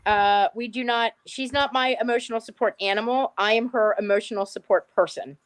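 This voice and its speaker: A woman co-hosting a casual livestream chat, animated and quick to chime in, and she talks to her dog as she goes. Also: fairly high pitch, clear, resonant tone.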